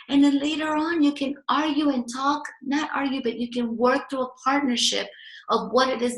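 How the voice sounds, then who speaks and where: A woman's voice: on the high side, roomy sound. A woman relationship coach, talking earnestly to viewers and acting out the lines they should say.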